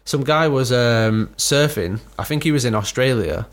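A man's voice: medium pitch, animated, moderate pace. A young man co-hosting a podcast, telling a story in a rambling, sweary, laughing way. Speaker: podcast co-host. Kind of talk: casual chat.

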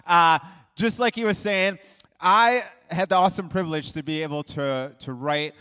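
Energetic man speaking at a school assembly. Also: moderate pace, clear, resonant tone. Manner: energetic and loud, hyping up the crowd, then lowering to earnest. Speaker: motivational speaker and author.

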